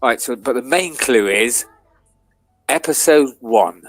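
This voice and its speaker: A man chats on a live stream in a dry, close-miked sound. His voice sits at an ordinary middle pitch, and he teases the others playfully. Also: animated, slow, no room sound. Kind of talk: casual live-stream chat.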